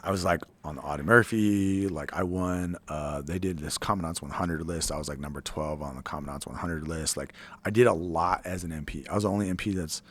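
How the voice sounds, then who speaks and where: Low-pitched man in his forties, blunt profane veteran rambling through a story in an interview. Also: brisk, a bit bright. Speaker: podcast guest, army veteran.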